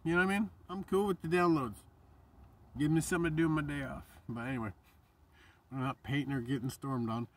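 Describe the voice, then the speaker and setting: A man talking in a casual, rambling vlog, animated and swearing freely, his voice jumping up when he quotes himself. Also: medium pitch, a little fast, long pauses, distant mic. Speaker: vlogger and painter.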